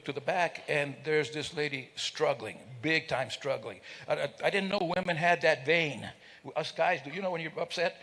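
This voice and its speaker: Older guy spinning a funny travel story, kinda high voice, big echoey hall. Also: vocal fry, fairly bright tone. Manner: joking, teasing the audience, self-interrupting. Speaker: speaker at a celebration. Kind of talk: storytelling to a live audience. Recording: reverberant hall.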